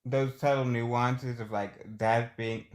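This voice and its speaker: A young man, a student, chatting casually, halting and leaning on "like" as he searches for words. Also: medium pitch, fairly even intonation. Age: young adult. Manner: halting, fillers like "like", self-conscious laughs. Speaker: student guest. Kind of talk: casual chat.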